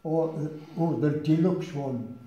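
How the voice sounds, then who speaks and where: An elderly man recounts his memories to a local history group, dry and anecdotal, pausing often. His voice is mellow and slow. The recording is roomy and echoey, slightly dull, from a village hall. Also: on the high side. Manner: anecdotal, dry humour, frequent pauses. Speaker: war veteran giving a talk. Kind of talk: storytelling talk to a local group.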